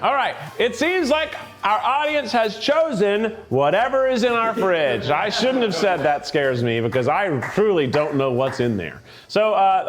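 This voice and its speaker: A man from Tennessee hosting a food tasting in an office, joking and reacting playfully as he eats. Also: sits high. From Tennessee, USA. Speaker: host.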